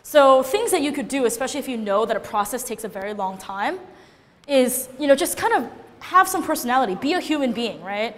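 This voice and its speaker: A woman giving a casual, animated classroom lecture, often checking in with her listeners by asking "right?". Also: high-pitched, brisk, big-room sound.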